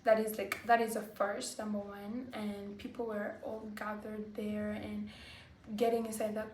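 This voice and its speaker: A woman vlogger telling a personal story to camera, halting and full of fillers like "like" and "you know". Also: mid-range voice, level tone, a little mellow. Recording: roomy echo, faint background hiss.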